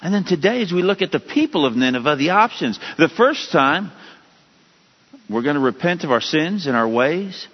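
Pastor guy preaching, jumps up in pitch for emphasis, muffled recording, long echo. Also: very animated, moderate pace, husky. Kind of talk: sermon. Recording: dull lo-fi sound with long hall reverb.

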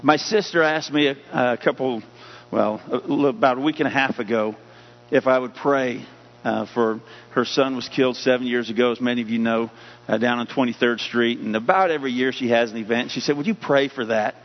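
A man's voice: mid-range voice, fairly quick. A male pastor delivering a sermon, rising in emphasis as he reads scripture. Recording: dull hum-laden audio with long hall reverb.

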